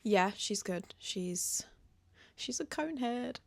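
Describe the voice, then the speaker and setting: A woman's voice: a little high, lively intonation, takes it slowly, vocal fry. A young woman co-hosting a podcast in casual chat, easygoing with a dry, teasing humour. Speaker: podcast co-host.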